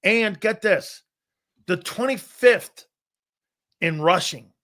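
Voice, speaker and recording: A young man co-hosting a sports talk show, challenging his partner with slangy talk and quick stats. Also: high voice, expressive, a bit bright. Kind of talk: casual sports debate.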